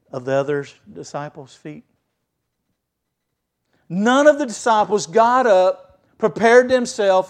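A man preaching a sermon as pastor, telling the story vividly and swinging between loud stresses and quiet asides. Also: on the high side.

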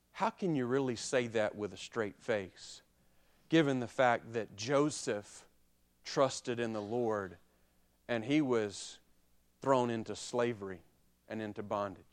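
Delivering a sermon, this male pastor alternates between building to loud climaxes and dropping to a low, quiet voice. Again and again, he puts rhetorical questions to his congregation.

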